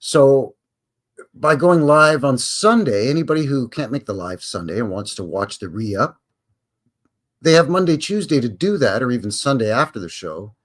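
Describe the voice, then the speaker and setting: A man's voice: medium pitch, expressive, normal speed, fairly bright tone. A man in his fifties hosting a casual live stream from home, chatting to viewers in a folksy, rambling way. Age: 50s.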